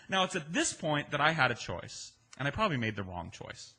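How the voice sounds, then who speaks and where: A man's voice: on the high side, a little fast, few pauses, breathy edge. A man telling a personal story in a casual, conversational way, swearing freely. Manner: conversational, profane, animated in places.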